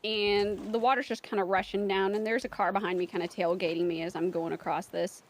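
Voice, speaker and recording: A woman from around Houston, chatting casually and telling an animated story to friends. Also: mid-range voice, fairly quick. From Houston area, United States. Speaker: streaming friend.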